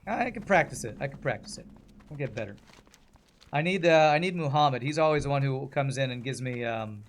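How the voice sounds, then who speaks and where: A male streamer chats casually while playing a game, joking around and poking fun at himself. His voice is medium-pitched and fairly quick.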